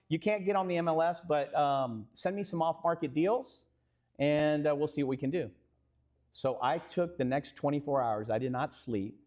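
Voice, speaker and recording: A man with a Texan accent telling a business story on a live stage panel, acting out the dialogue and asking the crowd questions. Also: a little high. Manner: animated, acts out quoted dialogue, asks the crowd questions. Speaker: real estate company co-founder telling a story on a live panel.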